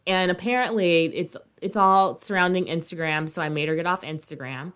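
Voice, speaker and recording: A woman in her thirties co-hosting a podcast in casual chat, expressive and swearing freely, swinging between loud and quiet. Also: on the low side, brisk, clean tone. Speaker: podcast co-host.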